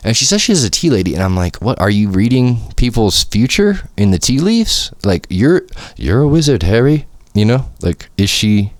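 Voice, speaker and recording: A man's voice: lowish voice, sing-song, normal speed, dry recording. A man hosting a podcast on his own, rambling in casual slang with lots of swearing and filler words. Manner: rambling, slangy and profane, lots of "like" and "you feel me". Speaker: podcast host. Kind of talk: casual solo podcast monologue. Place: home studio.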